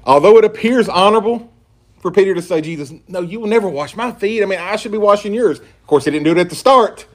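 A man delivers a sermon from the pulpit. His voice sits a little on the high side. He preaches emphatically and reads scripture aloud as he goes. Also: expressive, fast talker. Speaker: pastor.

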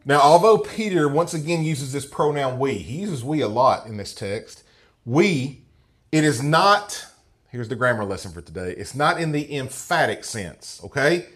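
With a medium-pitched, fairly bright voice, a man reads scripture aloud to a class at a moderate pace, animated as he teaches the passage. He frequently asks listeners "okay?" or "right?" to check they're following.

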